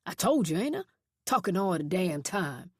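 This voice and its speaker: A woman voicing a brutal, coarse male reformatory guard who speaks in a low, threatening drawl. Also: very animated, normal speed, slightly rough, no room sound, clean studio sound. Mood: menacing.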